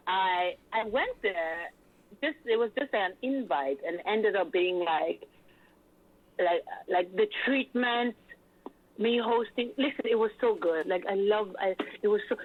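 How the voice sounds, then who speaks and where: A woman event host telling stories in an animated, hyped way, full of fillers, in a casual interview. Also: medium pitch. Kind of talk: lively interview chat. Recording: tinny phone-like line.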